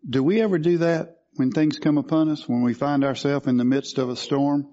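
Mellow-voiced man preaching a sermon. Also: fairly high pitch, steady tone, fairly quick, highs cut off. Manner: teaching, asks questions of the congregation.

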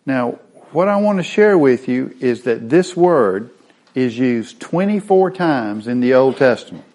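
A man's voice: mid-range voice, lively intonation, a little slow, a little mellow. A man teaching a Bible lesson in a sermon style, explaining word meanings step by step.

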